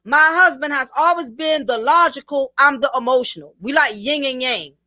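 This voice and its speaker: A woman's voice: high voice, normal speed, bright, forceful tone, dry recording, studio quality. A married woman hosting a livestream, reading viewer comments and giving blunt, preachy commentary straight to the camera. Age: adult, married. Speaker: livestream host.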